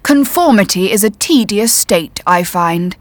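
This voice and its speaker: A woman's voice: medium pitch, lively intonation, a little slow, no echo, lightly acted. A woman reading the part of an aloof, disdainful male traveller with a dry, lofty manner.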